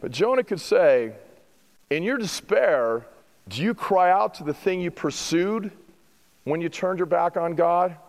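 A middle-aged male pastor preaching a sermon, building to emphatic rhetorical questions and then easing into softer, reflective passages. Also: high-pitched, lively intonation, measured pace, in a large hall, low-quality recording.

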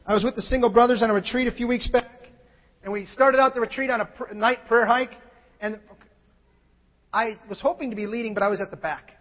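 A pastor preaching a sermon, telling a story in an animated way and acting out other people's lines, sometimes building up to shouts. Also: male voice, extremely high pitch, brisk. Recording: long hall reverb, dull lo-fi sound.

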